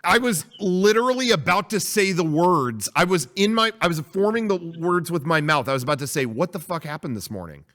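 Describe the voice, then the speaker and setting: A man's voice: high voice, expressive, fairly quick, hardly any pauses, a bit bright. A man co-hosting a casual podcast, telling a rambling story with frequent swearing. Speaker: podcast co-host.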